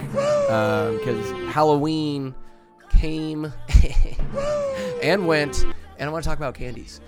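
A man's voice: fairly high pitch, wildly swooping pitch, takes it slowly, long pauses, music in the background. A man from Northern California hosting a podcast, talking in a rambling, crude comedic monologue and laughing often. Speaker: podcast host.

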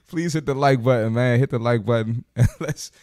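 A man's voice: medium pitch, measured pace, darkish tone, no echo, studio quality. Blunt joking man reacting to clips. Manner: blunt, joking, slangy trash talk. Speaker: podcast host reacting to clips. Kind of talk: casual reaction commentary.

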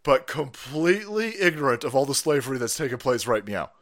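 A man's voice: mid-range voice, very animated, fairly quick, a bit bright. A man ranting on a livestream, foul-mouthed and mocking, swearing constantly. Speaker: streamer. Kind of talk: profane political rant on a livestream.

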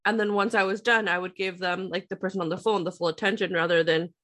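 A woman's voice: lowish voice, fairly even intonation, fast talker, a bit bright. A woman earnestly explaining how she used to handle phone calls at work, in a casual conversation. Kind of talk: casual chat.

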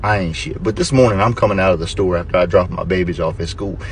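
A man's voice: low-pitched, quick pace, slight background noise. A man telling a story in a casual, joking and self-mocking way in a vlog clip. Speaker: vlogger in a played clip.

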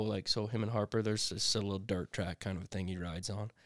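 A middle-aged man co-hosting a podcast, telling a rambling, animated story in casual chat, full of restarts and sound effects, on a close mic. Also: fairly low pitch, fairly quick, few pauses, no room sound. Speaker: podcast co-host.

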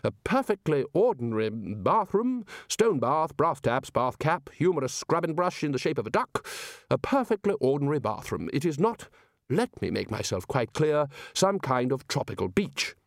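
Pushing his voice a little high, a man performs a bluff, commanding elderly wizard leader who blusters and bosses his peers around. He's very animated at a moderate pace, recorded in clean studio sound with no room echo.

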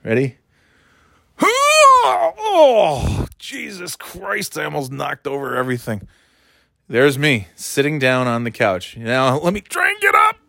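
A man talks to the camera from his living room in a loose, rambling monologue, cursing casually and putting himself down. His mid-range voice is sing-song and sharp-toned with vocal fry, moving at a normal speed. The audio is dry and studio quality.

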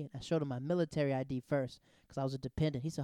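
A man in his thirties telling personal stories in a casual, animated, digressive way, often restarting his sentences. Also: mid-range voice, fast talker, few pauses, clean tone, no room sound, studio quality. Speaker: storyteller. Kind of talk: casual anecdotal storytelling.

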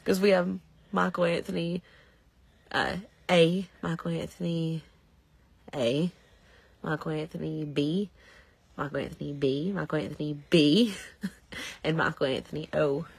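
A woman with a low-ish, gravelly and husky voice, laughing her way through stories as a podcast co-host. She keeps it loose and casual with her friends. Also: fairly even intonation, a little slow, pauses often, no echo. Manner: laughing storyteller. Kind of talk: casual chat.

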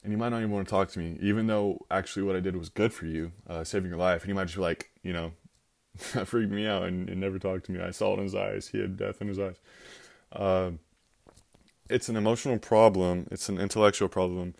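A man's voice: sits low, fairly even intonation, fast, gravelly, darkish tone. A man giving an informal Christian teaching talk, conversational and acting out little scenarios with quoted voices.

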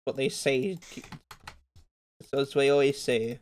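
A man's voice: mid-range voice, a little slow. A man co-hosting a casual gaming podcast, goofy and rambling, often trailing off mid-thought. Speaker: podcast co-host. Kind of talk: casual chat.

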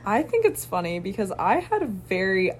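A young woman, a student club member, talking in a casual podcast chat, relaxed and reflective. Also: medium pitch, moderate pace, slightly rough. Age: young adult. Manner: relaxed, reflective, with soft laughs.

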